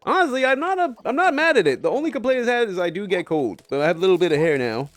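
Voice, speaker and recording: A man's voice: high-pitched, very animated, fast talker, fairly bright tone, dry recording. A young man live-streaming a game, chatting with viewers in a joking, sarcastic way and swearing casually.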